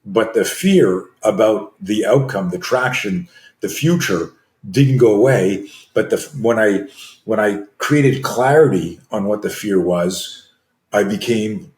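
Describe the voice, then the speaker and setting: A man in his sixties, a self-defense coach telling a story as a podcast guest, animated and acting out dialogue with frequent restarts. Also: fairly low pitch, measured pace, roomy sound.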